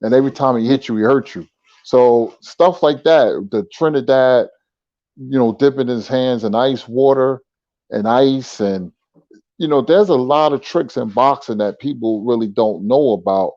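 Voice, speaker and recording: A man talking casually as a guest, telling stories in a relaxed, conversational way. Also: mid-range voice, normal speed, no echo. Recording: dull lo-fi sound.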